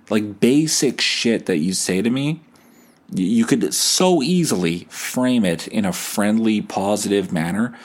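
Young canadian guy ranting on his podcast, swears a lot, lowish voice. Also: expressive, unhurried. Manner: profane, sarcastic, rambling. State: hungover. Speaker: podcast host. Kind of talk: casual solo rant.

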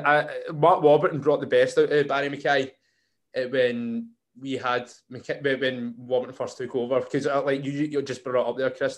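A man hosting a casual football podcast, rambling with many fillers and restarts. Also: medium pitch. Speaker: podcast host.

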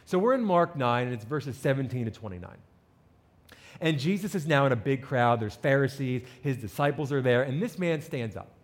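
A man preaching a sermon with an animated delivery, reading scripture and acting out the people in it. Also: medium pitch, normal speed, big-room sound. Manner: animated preaching, reads scripture and acts out quotes. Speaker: pastor.

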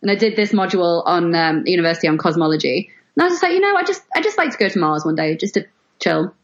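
Giggly young woman, lively voice. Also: on the low side, very fast. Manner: giggly, self-deprecating, playful. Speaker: actress, interview guest. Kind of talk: casual podcast interview. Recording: slightly dull lo-fi sound.

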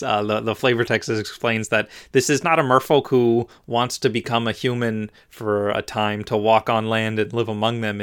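A male podcast co-host in casual chat, animated and joking, leaning on filler words. His voice is bright and crisp. It is clear and smooth. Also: lowish voice. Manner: animated, jokey, filler-heavy.

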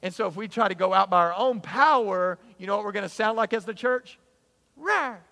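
A man preaching a sermon in an animated, emphatic, storytelling way. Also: sits high, fast, creaky. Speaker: pastor.

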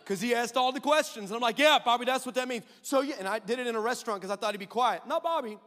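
A man with a high, bright voice preaches a story-driven sermon. He acts out every quoted line and laughs often. His voice rings through a large hall with a long echo. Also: expressive, racing. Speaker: pastor. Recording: reverberant church hall.

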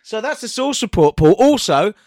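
Animated, high-pitched man joking. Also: moderate pace, no echo, studio quality. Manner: sweary, excitable, joking. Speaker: podcast co-host. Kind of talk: casual comedy chat.

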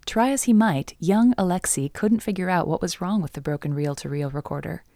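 A woman narrates a scripted story in a low, mellow voice. She speaks in a slow, solemn manner. The sound is dry and close to the mic. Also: no echo.

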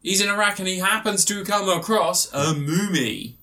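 A man's voice: high voice, moderate pace, crowd noise. A man co-hosting a podcast, rambling through a crude, jokey film review and acting out characters in silly voices. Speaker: podcast co-host. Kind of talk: casual comedic film review chat.

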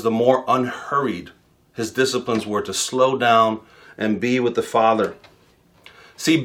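With a slightly high, somewhat bright voice, this New York man in his thirties delivers a sermon as a pastor. He mixes in humorous personal anecdotes, storytelling and quoting his own words.

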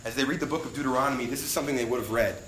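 A young adult man preaching a sermon as a pastor, animated and acting out the voices of people he quotes. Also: medium pitch, very fast, slight background noise. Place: church sanctuary. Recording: roomy church recording.

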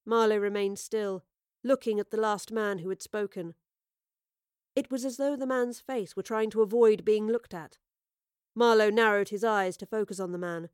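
Woman narrating a dark tale, dry sound. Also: medium pitch, steady tone, smooth, no room sound. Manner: measured, dramatic storytelling. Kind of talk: scripted audio drama narration.

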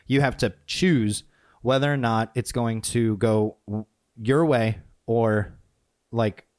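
A man's voice: medium pitch, slow pace. Man telling a story conversationally. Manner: conversational, animated retelling with many restarts. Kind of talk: casual storytelling.

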